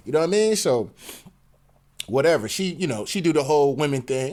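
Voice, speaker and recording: A man's voice: fairly high pitch, animated, a little fast, a little mellow. A man telling a personal story in a slang-heavy, profane rant, peppered with "you know what I'm saying". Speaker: commentary channel host.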